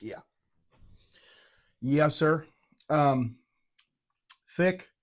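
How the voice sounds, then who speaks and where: A man's voice: on the high side, lively intonation, drawn-out words. A middle-aged man giving a casual, rambling and irreverent whiskey tasting review, poking fun at himself. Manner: rambling, irreverent, self-mocking.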